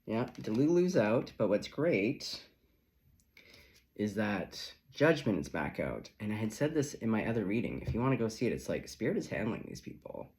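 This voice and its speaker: Sassy, animated low-voiced man. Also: moderate pace. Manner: sassy, profane, chatty. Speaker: tarot reader. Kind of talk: casual tarot reading.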